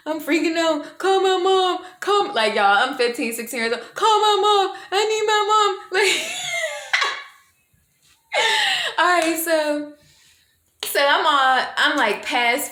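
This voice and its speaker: A woman vlogger telling a story to camera in a casual, slangy way, acting out what people said. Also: medium pitch. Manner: animated, slangy, acts out quoted voices. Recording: echoey room with faint noise.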